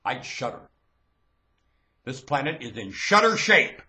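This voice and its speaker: A man delivering a rambling, preachy monologue rant into a webcam, swinging from low muttering to loud shouting. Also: sing-song, unhurried. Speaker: webcam vlogger.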